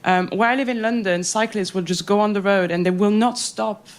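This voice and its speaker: A woman's voice: mid-range voice, fairly even intonation, a little fast. A woman on a comedy panel ranting in mock outrage and exaggerating for laughs. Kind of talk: comic rant.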